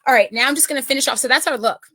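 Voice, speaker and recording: A woman's voice: high-pitched, very fast, a bit bright, slight background noise. Chatty middle-aged woman teaching makeup. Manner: chatty, friendly, checks in with viewers. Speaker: makeup consultant. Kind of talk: casual makeup tutorial.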